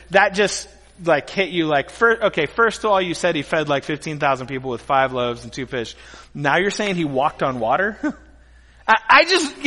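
A man preaching a sermon with a high, bright, forceful voice, telling stories with animated swings between loud and hushed lines. His words ring out with long reverb in a large church hall. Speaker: pastor.

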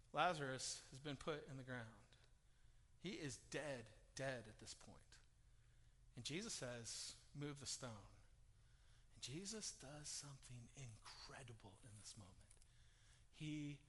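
Animated pastor preaching in a reverberant hall. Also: male voice, high-pitched. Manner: animated storyteller, swings from loud to hushed. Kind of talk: sermon. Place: church hall.

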